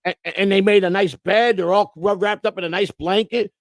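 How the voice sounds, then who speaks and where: A man's voice: high-pitched, steady tone, a little fast, dry recording. A man from Florida co-hosting a casual livestream, telling long rambling stories and swearing freely. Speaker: co-host.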